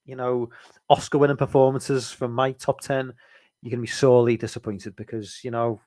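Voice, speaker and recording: A man's voice: medium pitch, level tone, brisk, mellow, no echo. A man hosting a casual movie chat, rambling with lots of fillers and restarts. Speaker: podcast host.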